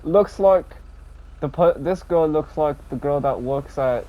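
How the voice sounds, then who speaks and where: A man rambling casually about an online game session, swearing often and tacking on a low, dropped "mate". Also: measured pace. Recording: dull lo-fi audio with faint background noise.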